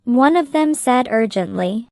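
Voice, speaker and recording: Slow, clear woman reading a story. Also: on the high side, expressive, darkish tone, no echo, studio quality. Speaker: narrator. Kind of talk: slow graded-reader story narration.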